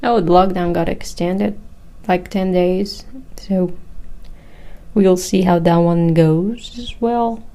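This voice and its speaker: A woman's voice: lowish voice, fairly even intonation, takes it slowly, mellow, low-quality recording. A young woman hosting a solo podcast, chatting casually and rambling, laughing often and restarting her sentences. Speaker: podcast host.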